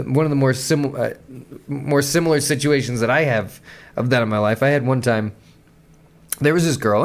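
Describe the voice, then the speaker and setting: A man hosting a podcast, chatting loosely about a song with lots of swearing, restarts and quick laughs. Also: mid-range voice. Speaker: podcast host. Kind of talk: casual music commentary.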